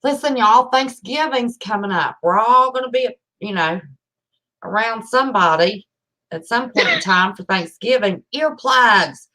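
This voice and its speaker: A woman's voice: on the high side, animated, a little slow, sharp tone, poor audio. A woman co-hosting a casual show, folksy and chatty, speaking straight to listeners. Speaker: co-host. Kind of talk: casual talk-show chat.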